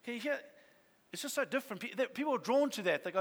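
A man's voice: very high voice, lively intonation, fast talker. A man pastor preaching a sermon to his church, earnest and building to fervent exhortation. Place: church hall. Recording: long reverb of a church hall.

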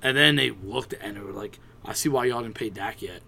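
A man's voice: lowish voice, fairly quick, vocal fry, bright, forceful tone, slight background noise. A man co-hosting a casual sports podcast, ranting with plenty of profanity and frustration. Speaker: podcast co-host.

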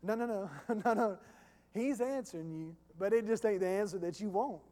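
A man's voice: high voice, moderate pace, warm tone, in a large hall. A male pastor preaching a sermon in a church, emphatic and repetitive, talking to the congregation in a conversational way.

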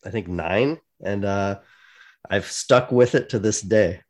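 A man, a comic book writer, chatting relaxed as a podcast guest. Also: fairly low pitch, takes it slowly. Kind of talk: casual podcast interview.

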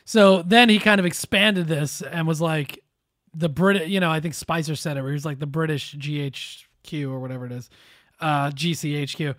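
Male podcast co-host, mildly high voice, sarcastic and casual, dry close sound. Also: moderate pace, fairly bright tone, dry recording. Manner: sarcastic, loose, swears. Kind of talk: casual political chat.

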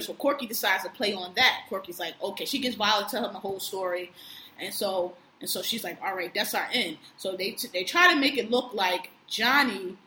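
A woman's voice: a little high, pushed and bright. A woman casually retelling a film's plot, acting out the characters' lines with plenty of swearing. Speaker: podcast co-host recapping a film. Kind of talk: casual storytelling chat. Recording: echoey room with faint noise.

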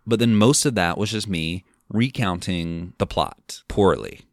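A man's voice: sits low, unhurried, dry recording, studio quality. A man hosting a film podcast, recounting a movie plot in a rambling, casual way full of fillers. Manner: rambling, filler-heavy retelling. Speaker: podcast host.

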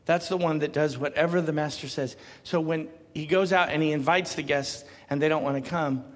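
High-voiced man preaching, gets loud and punchy, laughs a lot, big echoey hall. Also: fairly even intonation, fairly quick. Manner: builds to loud emphatic preaching, laughs often. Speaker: pastor. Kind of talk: sermon.

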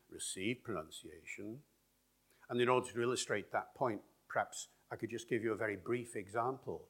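A man giving a public lecture in a lively, discursive way, with chatty asides. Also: lowish voice, slightly rough. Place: lecture hall with an audience.

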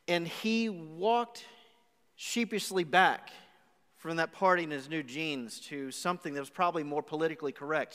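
A man pastor preaching a live sermon, telling a story with animated acted-out asides. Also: high-pitched. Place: church auditorium. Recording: live church hall with long reverb.

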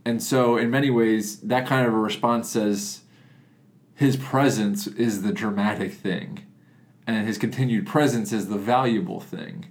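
A man's voice: on the low side, steady tone, unhurried. A man co-hosting a casual podcast about faith, joking and then reflecting, often restarting his sentences. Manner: joking, reflective, self-interrupting. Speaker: podcast co-host.

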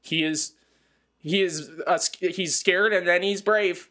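A woman's voice: on the low side, measured pace, a bit bright. A woman co-hosting a casual podcast chat, blunt and opinionated, laughing often. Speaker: podcast co-host.

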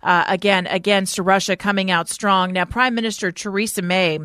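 A woman's voice: medium pitch, fairly even intonation, moderate pace, a bit bright, clear, resonant tone, dry recording, studio quality. A woman co-hosting a talk radio show, running through news headlines in a conversational way with casual asides. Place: radio studio.

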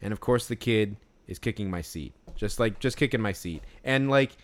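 A man's voice: fairly low pitch, expressive, normal speed. A man telling a story in casual chat, rambling with many fillers and restarts. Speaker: podcast co-host.

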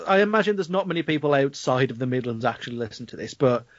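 A man's voice: mid-range voice, expressive, fast talker, no echo, dull audio. A man with a Black Country accent, co-hosting a casual film review podcast, swearing and laughing through a rant. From Black Country, England. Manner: sweary, ranting, laughing often. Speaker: podcast co-host.

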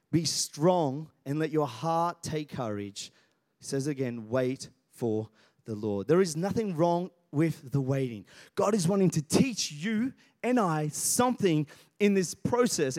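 Brief: male pastor, thirties, higher-pitched voice, sermon with call-and-response. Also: expressive, a little slow. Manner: call-and-response preaching, swings from quiet to loud.

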